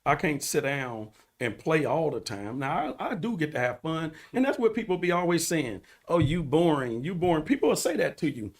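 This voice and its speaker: A man with a somewhat high voice speaks as a guest on a casual interview podcast. He talks earnestly, like he's giving a sermon, and he drives his points home by repeating lines over and over. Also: big pitch swings, moderate pace, hardly any pauses. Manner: earnest, preachy, repeats for emphasis.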